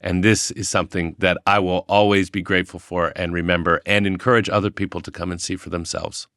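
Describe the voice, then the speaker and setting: Bright, animated American man. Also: low voice, a little fast, dry recording, studio quality. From United States. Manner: animated, laughs often, acts out others' speech. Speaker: guest. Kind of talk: casual conversation.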